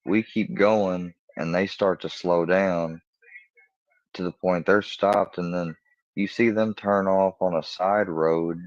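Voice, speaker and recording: Man, very low voice, rambling casual storytelling, acts out the quotes, dry muffled sound. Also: fairly even intonation, slow pace, dry recording. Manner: rambling, acts out both sides of the talk with a jumpier, higher voice for quotes. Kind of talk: casual story told to camera.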